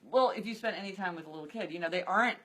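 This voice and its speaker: A woman's voice: lowish voice, rapid-fire, fairly bright tone, low-quality recording. A woman hosting a casual chat, talking in a chatty way with many filler words. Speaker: host.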